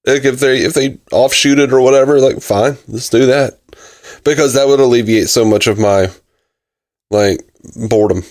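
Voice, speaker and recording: A man's voice: mid-range voice, moderate pace, a little mellow. Rambling man co-hosting a podcast. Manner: rambling, filler-heavy, self-deprecating joking. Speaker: podcast co-host. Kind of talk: casual chat.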